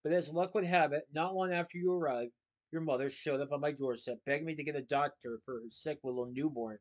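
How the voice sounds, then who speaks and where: A man's voice: on the high side, fairly even intonation, brisk, natural voice. A man voicing a smug, wicked rich villain who snarls and sneers in a read-aloud story. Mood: sneering.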